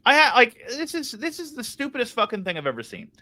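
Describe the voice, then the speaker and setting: A man's voice: very high voice, big pitch swings, fast talker, bright, forceful tone. A young man co-hosting a podcast, ranting heatedly and swearing a lot in casual chat. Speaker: podcast co-host.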